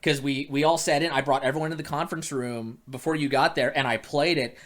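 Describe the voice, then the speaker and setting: A man's voice: mid-range voice, fast talker. A man working as a private investigator, telling a long story in casual chat and acting out the dialogue, with many restarts. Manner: animated, acts out quoted dialogue with many restarts.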